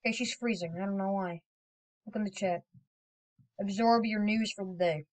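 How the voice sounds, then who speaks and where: Woman, gaming commentary, rambling, excitable, sudden loud outbursts, medium pitch. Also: normal speed, pauses often, poor audio. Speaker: gaming video creator. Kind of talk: casual gameplay commentary.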